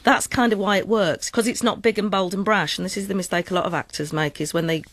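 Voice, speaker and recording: A woman from the north of England with a Northern accent, a voice coach explaining accents on radio in an animated way, often mimicking. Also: medium pitch, quick pace, no room sound. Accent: Northern English. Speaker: voice coach, guest. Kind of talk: radio interview. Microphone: studio mic, dry.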